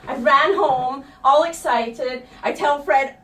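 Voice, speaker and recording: Speaking slowly in a high, slightly bright voice, a middle-aged woman recounts a personal story on stage before a live audience. She's frank and profane and laughs at herself, heard through a distant mic in an echoey room with faint ambience.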